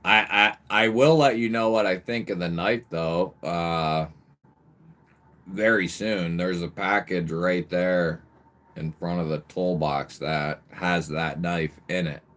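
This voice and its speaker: Male livestream host, low voice, slow easygoing delivery, calls out chatters by nickname, bursts of emphasis. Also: steady tone, fairly bright tone. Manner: occasional mild swearing. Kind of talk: casual live chat with viewers.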